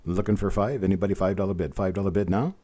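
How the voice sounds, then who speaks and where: Low, dark-voiced man calling coin auction. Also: fast. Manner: repetitive bid calling, friendly asides to bidders. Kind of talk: live online auction calling.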